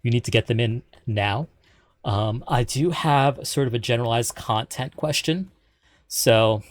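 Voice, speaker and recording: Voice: mid-range voice, darkish tone, no echo. A podcast host reading audience questions from the chat in a casual way.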